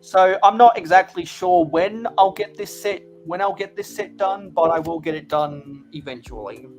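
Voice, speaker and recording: Male stream host, slightly higher voice, casual chat, halting restarts. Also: faint music behind. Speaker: livestream host building sets.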